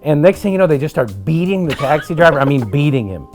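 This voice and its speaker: A middle-aged man from Los Angeles spins a wild tale over whiskey, his fairly high voice jumping all over the place. He swears freely and laughs through the telling, with faint music underneath. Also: fast talker. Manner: animated, profane, laughing storyteller. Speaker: guest. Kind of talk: casual storytelling over drinks.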